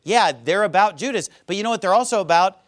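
Guy preaching, pretty high voice, gets loud and animated, slows down to hit key lines. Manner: reads scripture aloud in King James wording. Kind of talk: sermon.

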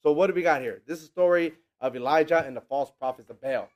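A man delivers a casual, energetic sermon in a fairly high voice. He acts out the people in the stories with mocking, teasing voices and laughs often along the way. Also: fast. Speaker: preacher.

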